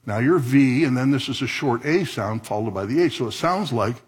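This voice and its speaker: A man preaching a sermon, asking the congregation questions and swinging from low, quiet stretches to loud, high bursts. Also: a little fast, slightly rough. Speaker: pastor.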